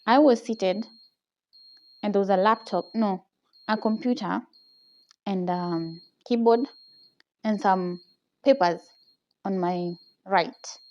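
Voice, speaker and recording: Speaking slowly with long pauses, she has a mid-range, darkish voice, and the phone-camera recording cuts off the highs. In her casual vlog this young Kenyan-accented woman animatedly recounts a personal story, laughing a lot and tagging lines with "okay?".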